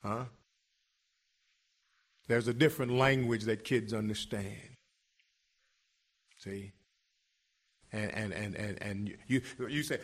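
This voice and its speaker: A man's voice: mid-range voice, measured pace, long pauses. A middle-aged man preaching a sermon emphatically, repeating words as he builds each point.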